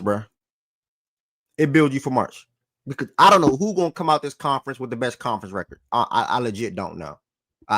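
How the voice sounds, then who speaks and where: A man's voice: mid-range voice, no echo. A man hosting a sports talk show in a loose, slangy way, repeating phrases for emphasis and getting worked up.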